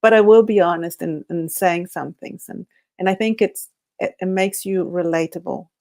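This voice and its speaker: A woman whose first language is Spanish, hosting a casual livestream, talking in a halting, nervous way with many restarts. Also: fairly low pitch, steady tone, mellow. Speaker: livestream host.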